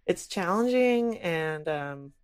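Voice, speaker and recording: A young woman co-hosting a podcast in casual chat, animated and laughing often. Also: slow, clear, resonant tone. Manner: animated, laughs often, high excited squeals. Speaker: podcast co-host.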